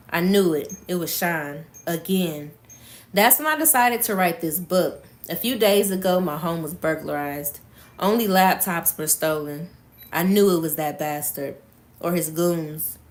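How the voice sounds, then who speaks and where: Lower-voiced woman reading aloud on a live stream. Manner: blunt, profane, emphatic asides.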